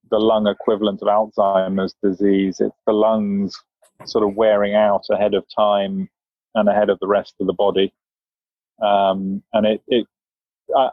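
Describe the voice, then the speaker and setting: British male physician, 50s, measured and dry, level low voice, muffled dry recording. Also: no room sound. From England. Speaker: guest physician. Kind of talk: interview answers.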